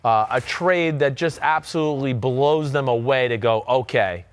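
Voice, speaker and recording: A man in his thirties with a New Jersey accent, hosting a sports podcast in loud, animated casual chat. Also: medium pitch, moderate pace, clean tone, no echo. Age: 30s. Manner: loud, animated, talks with filler and restarts. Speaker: podcast host.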